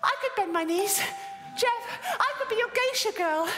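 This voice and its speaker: A lonely, awkward woman chasing an online date, her voice very high and her eager, rambling talk coming in fits and starts. The line rings through a theatre stage with a long reverb. Music plays clearly behind her. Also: expressive, unhurried. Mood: sheepish. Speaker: stage performer. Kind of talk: dance theatre monologue. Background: music score.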